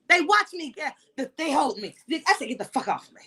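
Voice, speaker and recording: A woman's voice: high voice, fairly quick, rough recording. A woman hosting a casual chat, telling a profane story and acting out the dialogue with lots of energy. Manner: animated, profane, acts out dialogue. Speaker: host.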